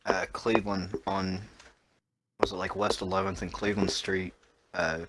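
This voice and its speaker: A man's voice: sits low, normal speed. A man co-hosting a casual chat podcast, tossing in dry, wisecracking remarks. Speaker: podcast co-host. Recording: steady background noise.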